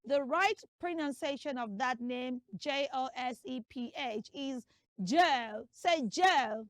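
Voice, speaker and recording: Woman, comic pronunciation teacher, high voice, drills names, spells them out. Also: measured pace, a bit bright, no echo, studio quality. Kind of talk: comic classroom lesson skit.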